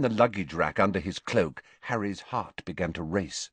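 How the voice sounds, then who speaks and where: A man narrating an audiobook with expressive, animated storytelling. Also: deep voice, moderate pace, few pauses, slightly rough, dry recording. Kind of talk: scripted narration.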